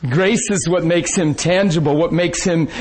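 A man's voice: on the high side, fairly even intonation, moderate pace, slightly rough. A man preaching a sermon, telling stories with laughter and quoted voices.

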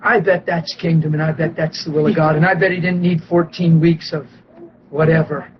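Excitable high-voiced preacher, lo-fi recording. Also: male voice, fairly quick, background noise. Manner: excitable, animated, acts out quotes, laughs often. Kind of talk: sermon storytelling.

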